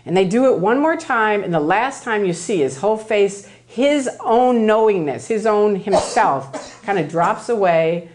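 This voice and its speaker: A woman giving a lively storytelling talk to an audience in a room, acting out other people's voices as she goes. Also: medium pitch, a little slow, few pauses, noisy background. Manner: animated, acts out other people's voices in quotes. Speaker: lecturer.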